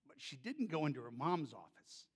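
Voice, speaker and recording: A male pastor telling a story in a sermon, loud and animated, then dropping to soft, gentle tones. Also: fairly high pitch, a little fast, husky, big-room sound.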